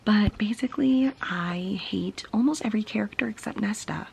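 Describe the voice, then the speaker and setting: A woman's voice: medium pitch, moderate pace, vocal fry, husky. A young woman vlogging about a book she is reading, tired and venting in a frustrated, often whispered late-night rant. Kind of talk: casual reading vlog.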